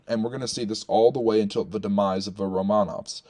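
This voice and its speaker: Low-voiced man explaining history offhand. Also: fairly even intonation, fast, darkish tone. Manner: thinking aloud with frequent fillers and self-corrections.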